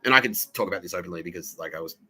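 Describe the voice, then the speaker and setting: Australian man, profane rambling podcast monologue, keeps laughing, slightly low voice, very bright tone, faint music behind. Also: rapid-fire, rough recording. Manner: profane, laughing often, doing quoted voices. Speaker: podcast host.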